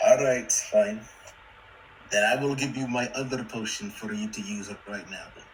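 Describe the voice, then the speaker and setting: A young man playing a tabletop game, speaking in a measured, slightly formal way. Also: on the low side, steady tone, slight background noise, poor audio. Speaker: player. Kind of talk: in-character tabletop play.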